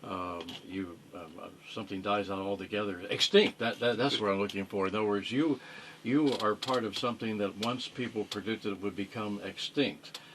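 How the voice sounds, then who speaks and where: A man hosting a radio interview, asking halting questions full of fillers. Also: fairly low pitch, a bit bright, slight background noise. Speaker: radio host.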